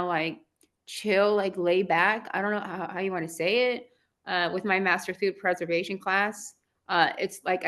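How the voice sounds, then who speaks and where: A woman's voice: fairly low pitch, a bit bright. A woman from Southern California with a valley girl accent, hosting a casual online chat, bubbly and chatty, laughing often. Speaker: host.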